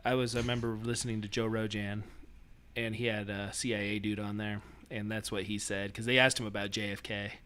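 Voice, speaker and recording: A man's voice: fairly low pitch, level tone, fairly quick, fairly bright tone, slight background noise. A man co-hosting a podcast in casual chat, rambling and laughing often as he loses his train of thought. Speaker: podcast co-host.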